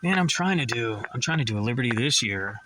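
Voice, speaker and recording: A man's voice: medium pitch, lively intonation, fast, noisy background. A man casually reading through comics, chatting and rambling in asides and stumbling over words now and then. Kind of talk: casual comic read-along.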